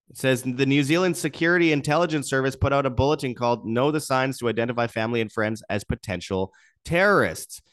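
A man's voice: medium pitch, fast, fairly bright tone, dry recording, clean studio sound. A young man hosting an independent news commentary show, reading articles aloud and adding indignant, sarcastic asides.

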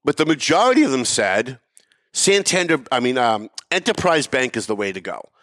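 A man's voice: mid-range voice, very animated, normal speed, fairly bright tone, dry recording, clean studio sound. A middle-aged man hosting a talk show, telling a heated story with emphatic swearing and mimicked voices. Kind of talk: animated storytelling rant.

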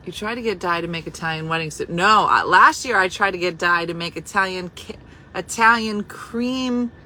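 A woman hosting a casual chat, talking animatedly and dropping into hushed asides. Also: lowish voice, normal speed, slight background noise, poor audio. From New Jersey. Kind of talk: casual chat reacting to comments.

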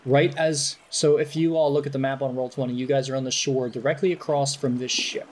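A man's voice: mid-range voice, brisk, a little hiss or hum. Man narrating as game master. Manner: relaxed, chatty narration with fillers.

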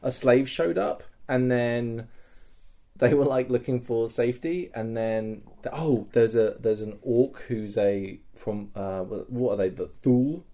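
A man's voice: medium pitch, a little slow. A man on a podcast, animatedly telling a story about a live-action role-play event, swearing often. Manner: animated and sweary, with frequent laughs and restarts. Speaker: podcast guest.

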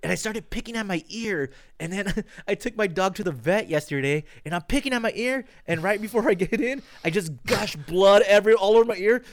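A man co-hosting a podcast, telling animated stories full of swearing and quick restarts. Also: high-pitched. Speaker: podcast co-host. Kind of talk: casual chat.

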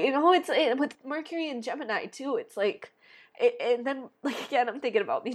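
Young woman podcaster, breathy and a touch high, emotional, rambling monologue. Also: expressive, a little fast. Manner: rambling, many fillers and restarts. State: tearful. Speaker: astrology podcast host.

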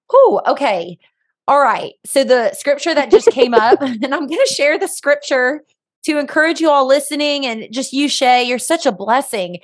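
Upbeat woman hosting a faith podcast. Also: sits high. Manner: upbeat, encouraging, preacherly. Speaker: podcast host. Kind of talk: Christian podcast interview.

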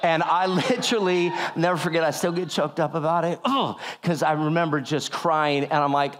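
A man telling a lively sermon testimony. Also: normal speed. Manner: animated storyteller, acts out quotes with lower voices and laughs. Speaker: speaker sharing a testimony.

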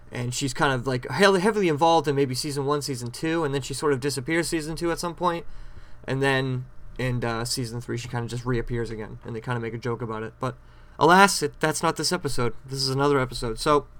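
A man with a medium-pitched, slightly bright voice hosts a podcast alone. He recaps a TV episode chattily and rambles, often correcting himself.

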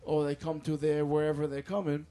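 A man's voice: a little high, monotone, a little fast, warm tone. A man co-hosting a casual podcast, telling rambling, profane stories. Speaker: podcast co-host.

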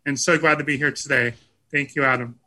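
Bright, earnest man telling a story. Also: mid-range voice, fairly even intonation, a little fast. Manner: earnest, heartfelt storytelling, acting out quoted dialogue. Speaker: panel speaker, Special Olympics athlete and former sports commentator. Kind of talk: personal story on a video call panel. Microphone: video call.

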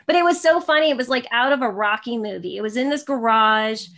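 Woman in her thirties, interview guest, rambling personal story, many restarts, fairly high voice. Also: a little fast, a bit bright.

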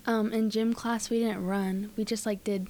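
A woman's voice: mid-range voice, little pitch movement, normal speed, warm tone, slight background noise. A teenage girl chatting casually on a family podcast, rambling with lots of likes and ums. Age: teen. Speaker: co-host, child.

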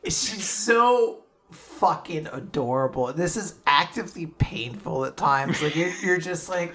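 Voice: medium pitch, lively intonation, unhurried, a bit bright. A co-host on a manga podcast, gushing enthusiastically about a chapter, swearing casually and acting out quoted lines.

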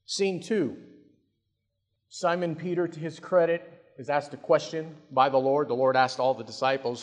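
A man preaching a sermon, telling a story in scenes with dramatic swings in loudness and dry jokes. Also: fairly high pitch, moderate pace. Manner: dramatic, humorous, varies loudness. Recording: long reverb of a large hall.

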